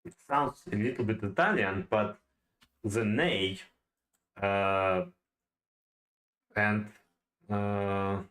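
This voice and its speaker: Halting low-voiced man studying poetry aloud. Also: a bit bright, low-quality recording. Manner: halting, many fillers and restarts, non-native phrasing. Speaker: self-taught poetry learner. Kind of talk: thinking-aloud study session.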